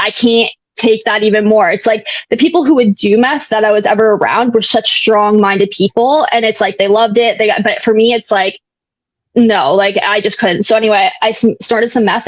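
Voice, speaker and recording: A young woman with a fairly high voice talks through her past in a frank, rambling way, using filler words constantly and swearing without hesitation. The recording is dull and lo-fi, with a dry, close sound. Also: fairly even intonation, a little fast, dry recording. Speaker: guest sharing recovery story. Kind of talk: casual candid storytelling.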